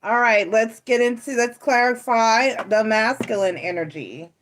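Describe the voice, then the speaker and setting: Woman tarot reader, New York born, Southern accent, chatty and laughing, slightly high voice, home setting. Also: measured pace, a bit bright, a little hiss or hum. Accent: Southern American. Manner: chatty, laughs often, asides to a child. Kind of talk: casual tarot reading.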